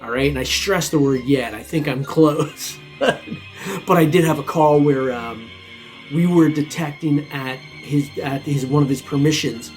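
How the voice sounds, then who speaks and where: A man with a slightly high, somewhat mellow voice talks at a measured pace over soft background music. He hosts a metal detecting channel and chats loosely with viewers in a casual vlog, rambling, chuckling often and calling everyone "man."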